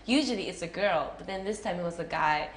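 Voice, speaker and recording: Her voice on the low side and a little fast, this young woman with a Japanese accent is an actress giving an interview. She answers chattily and casually, with plenty of giggles and fillers, in a room that's echoey with faint noise.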